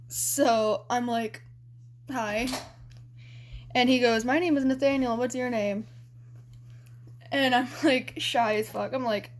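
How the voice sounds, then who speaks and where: A young woman with a fairly high voice tells a story to camera in a loose, chatty vlog. She giggles often and swears without a second thought. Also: fairly even intonation, moderate pace, slight background noise. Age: young adult. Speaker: vlogger.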